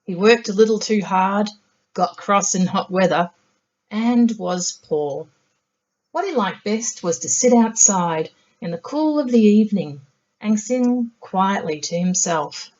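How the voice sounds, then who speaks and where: A woman reading a children's picture book aloud in a gentle, measured storytelling voice. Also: medium pitch, animated, dull audio. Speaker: storybook reader.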